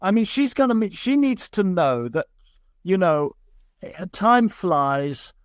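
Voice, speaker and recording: A man's voice: high voice, very animated, takes it slowly, dry recording, clean studio sound. A man, a guest scientist, explaining ideas in long, reassuring, flowing sentences. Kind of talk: explanatory podcast interview.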